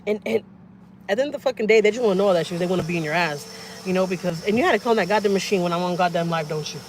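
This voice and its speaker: A woman's voice: fairly low pitch, racing, a little hiss or hum. Blunt, foul-mouthed woman. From Houston, Texas. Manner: blunt, profane, animated storytelling. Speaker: family vlogger. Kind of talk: casual livestream storytelling. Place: in a truck with windows down. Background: vehicle and outdoor ambience.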